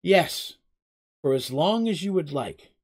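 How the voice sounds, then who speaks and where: Gracious, reassuring woman, voiced by a man narrator; gentle, a touch higher, lively. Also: slow, breathy edge, heavily acted. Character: kind gracious woman host.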